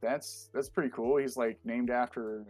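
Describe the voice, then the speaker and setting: Man, casual podcast chat, excitable fanboy, lots of fillers, faint music behind. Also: mid-range voice, normal speed, no room sound. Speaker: podcast co-host. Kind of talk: casual chat reviewing a show.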